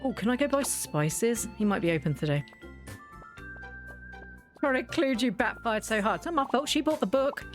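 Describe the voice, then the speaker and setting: A woman's voice: a little high, expressive, normal speed, pauses often, faint music behind. A woman streaming a game, chatting and telling stories with frequent laughter. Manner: chatty, laughs often mid-story. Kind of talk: casual storytelling while gaming.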